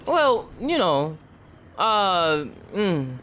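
A man's voice: high-pitched, big pitch swings, very slow, noisy background. A young man giving casual, profane, jokey gameplay commentary. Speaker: gaming streamer.

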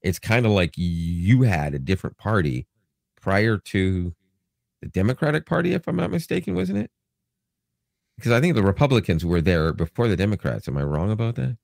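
A Canadian man co-hosting a podcast chats casually, rambling through jokes, asides, and animated stories. His voice sits low and creaky at a normal speed, and the recording is dry.

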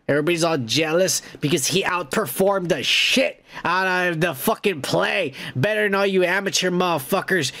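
A male comedy podcast host tears into the news in a profane, indignant rant. His voice sits a little high with a gravelly, fried edge, and he swears in nearly every line. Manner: loud, indignant, swears constantly.

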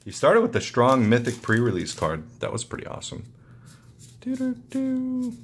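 A young man excitedly opening trading card packs for his channel, muttering card names with sudden yelps of delight. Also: brisk, slight background noise. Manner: excitable, muttering asides, jumpy pitch. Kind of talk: casual pack-opening commentary.

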